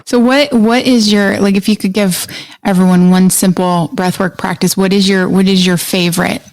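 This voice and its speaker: A woman's voice: medium pitch, fairly even intonation, moderate pace, a little mellow, no room sound. Earnest woman host, dry close sound. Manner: earnest, confiding, talks in long runs. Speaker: podcast host, coach. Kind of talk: casual interview chat.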